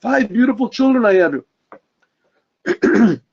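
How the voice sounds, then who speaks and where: Brief: grateful, boastful innkeeper, voiced by a male storyteller; gravelly, lo-fi. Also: extremely high pitch, a little slow, darkish tone, pitched above the performer's own voice, exaggerated voice. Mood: proud. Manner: proud, effusive. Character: proud, grateful male hotel owner. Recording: dull lo-fi recording.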